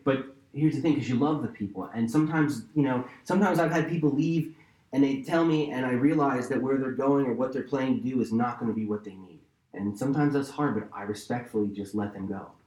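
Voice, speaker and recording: A man's voice: medium pitch, darkish tone. A man pastor preaching a sermon with emphatic, conversational delivery, repeating key phrases for weight. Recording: roomy echo.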